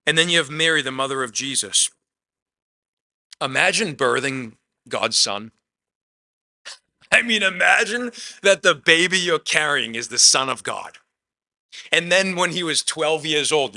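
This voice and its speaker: A man preaching a conversational sermon, swinging between emphatic loud lines and quiet asides, often dropping "man" into his talk. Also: medium pitch. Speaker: pastor.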